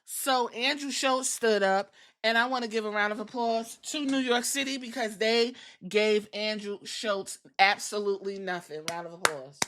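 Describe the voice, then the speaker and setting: A woman's voice: mid-range voice, fairly even intonation, normal speed, a bit bright. A woman hosting a podcast, giving a casual, profane and sassy recap with blunt asides. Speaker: podcast host. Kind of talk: casual wrestling show recap.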